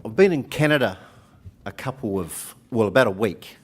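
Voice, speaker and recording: A man's voice: on the low side, expressive, normal speed, slightly rough. Joking New Zealand man giving a speech. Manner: jokey, leads the audience in call-and-response. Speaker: union speaker. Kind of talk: conference speech with audience participation. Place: conference hall.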